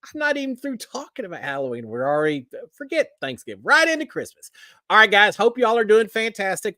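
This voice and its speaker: A man's voice: fairly high pitch, fairly bright tone, no echo, clean studio sound. A middle-aged man with a Texan accent, hosting a casual livestream and chatting folksily with viewers. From Texas. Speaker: livestream host.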